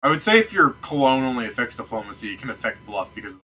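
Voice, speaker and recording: A man's voice: mid-range voice, sing-song, quick pace, bright, forceful tone, husky, rough recording. A man running a tabletop game as game master, talking casually and rambling with frequent laughs.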